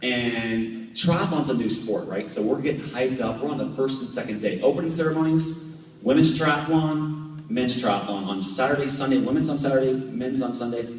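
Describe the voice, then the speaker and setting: A man's voice: mid-range voice, moderate pace, distant mic. American man telling stories in an echoey hall. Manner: animated, acts out conversations, many fillers. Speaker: guest speaker, professional triathlete. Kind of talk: storytelling talk to a club audience. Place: club meeting room with audience. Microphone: camera at the back of the room.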